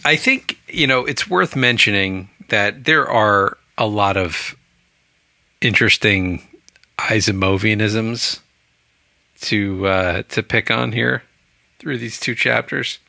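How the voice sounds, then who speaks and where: A man's voice: lowish voice, slow pace, creaky, bright, forceful tone, no room sound, clean studio sound. A man casually discussing a book on a podcast, rambling and chatty with frequent laughs. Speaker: book club podcast co-host.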